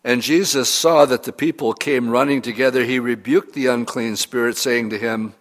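A man preaching a sermon as pastor, reading scripture aloud and explaining it in an earnest, expressive way with pauses. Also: mid-range voice. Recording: long hall reverb.

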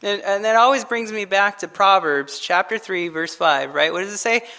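Preaching at a normal speed in a high-sitting voice, a pastor delivers his sermon as lively, conversational storytelling, performing the quotes he relays.

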